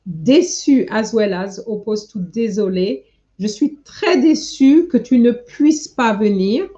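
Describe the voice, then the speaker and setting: Woman, French teacher, live online lesson, unhurried delivery, patient corrections, slightly muffled sound. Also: a little high, dark tone. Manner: patient, corrects students one by one.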